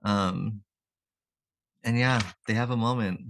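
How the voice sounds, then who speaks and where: A man co-hosting a podcast, casually recapping comic issues and slipping into quick quoted lines with chuckles. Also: fairly low pitch, fairly even intonation, fairly bright tone, a little hiss or hum. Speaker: podcast co-host.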